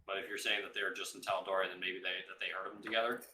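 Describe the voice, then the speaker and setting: A man's voice: low voice, little pitch movement, rapid-fire, bright, forceful tone, reverberant, slight background noise, poor audio. A man playing a tabletop game, thinking aloud and trailing off. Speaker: player. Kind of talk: casual tabletop role-play.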